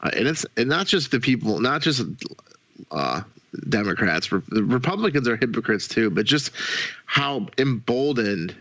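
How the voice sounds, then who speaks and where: A man's voice: medium pitch, lively intonation, normal speed, fairly bright tone, no echo, highs cut off. A man in casual podcast chat, stammering through restarts and swearing as he vents opinions.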